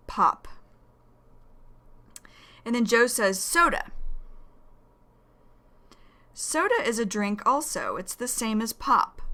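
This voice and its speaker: A woman from the northern United States with a Northern US accent, teaching English vocabulary slowly and clearly and repeating key words. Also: a little high, bright, forceful tone. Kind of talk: slow explanatory language lesson.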